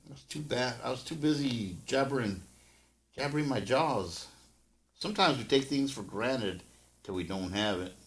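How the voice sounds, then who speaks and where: A man's voice: medium pitch, moderate pace, echoey room. An older man and grandfather, hosting a casual livestream and telling a folksy, rambling story. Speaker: livestream host.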